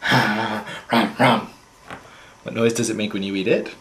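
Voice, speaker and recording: A young father playing with his toddler at home, talking in exaggerated sing-song baby talk that leaps into a high voice. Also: fairly even intonation, a little slow. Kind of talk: playful home video chat with a small child. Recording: echoey room with loud background noise.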